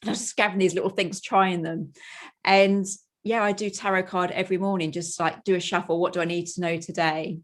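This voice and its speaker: Upbeat uk woman chatting on a podcast, kinda low voice, laughs a lot. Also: steady tone, brisk. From United Kingdom. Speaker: podcast guest. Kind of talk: casual chat.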